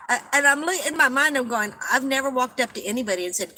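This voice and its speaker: A woman's voice: high voice, animated, fast, few pauses, bright, forceful tone, a little hiss or hum, low-quality recording. An older woman hosting a casual live-stream chat, rambling and chatty, laughing at her own stories and coughing often.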